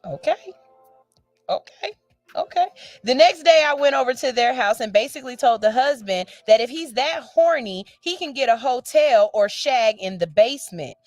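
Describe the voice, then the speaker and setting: A woman's voice: high voice, expressive, normal speed, soft background music. A woman radio host reads out a listener's letter and gives a blunt, sassy, profane verdict with theatrical outbursts.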